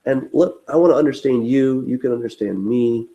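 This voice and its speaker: A man's voice: mid-range voice, moderate pace, dark tone, highs cut off. A man teaching a conversational Bible study, earnest and self-deprecating, acting out inner dialogue in quoted voices.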